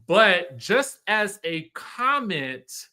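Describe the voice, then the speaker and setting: Animated man hosting a live commentary stream. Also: high-pitched, extremely slow, clean tone. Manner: animated, emphatic, repeats phrases for effect. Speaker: host.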